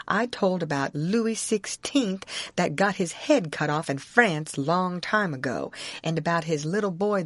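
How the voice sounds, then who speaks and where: Woman narrating an audiobook, lively pitch. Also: dry recording. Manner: storytelling in a plain boy's rural dialect. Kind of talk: first-person audiobook narration of a classic novel.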